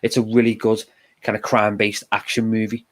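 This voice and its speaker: A young man with a Liverpool accent, co-hosting a casual film discussion and explaining his views in a measured, thoughtful way. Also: fairly low pitch, level tone. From England. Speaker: co-host.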